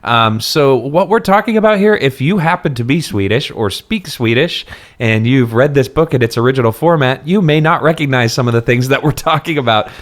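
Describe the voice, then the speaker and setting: A young man co-hosts a comedic book podcast in a relaxed, chatty way. He laughs a lot, teases himself, and keeps his voice in an ordinary mid range. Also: mid-range voice, brisk. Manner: chatty, laughs often, self-mocking. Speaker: podcast co-host.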